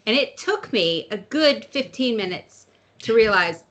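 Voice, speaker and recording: A woman's voice: a little high, expressive, measured pace, a bit bright. A woman co-hosting a podcast, telling a funny story about herself in casual chat. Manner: self-amused storyteller. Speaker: podcast co-host.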